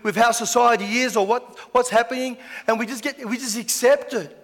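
A man's voice: extremely high pitch, fairly even intonation, a little fast, few pauses, fairly bright tone. A man preaching a sermon as pastor, chatty, with lots of rhetorical questions. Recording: echoey hall.

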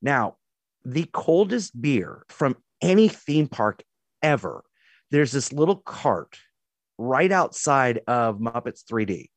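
A man's voice: medium pitch, very animated, takes it slowly, dry recording. Man, podcast co-host, rambling casual chat, dry close sound. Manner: mock-indignant, rambling storyteller.

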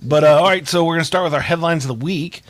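A young man with a higher-pitched voice hosts a casual podcast over a video call, talking quickly with fairly even intonation. He rambles through his stories, full of fillers and restarts.

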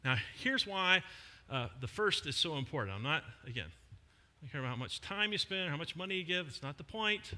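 A middle-aged man preaches a sermon in a conversational, emphatic style, pausing to lean on key words. His voice is bright and fairly high, with lively swings of pitch. It rings out in a church hall with a long reverb. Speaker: pastor.

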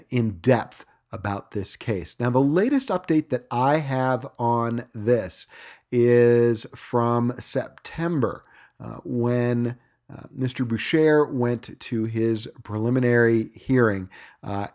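A middle-aged man hosting a cycling podcast from his home studio, reading news items in a relaxed way with frequent filler words. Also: mid-range voice. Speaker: podcast host. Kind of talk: solo podcast news segment.

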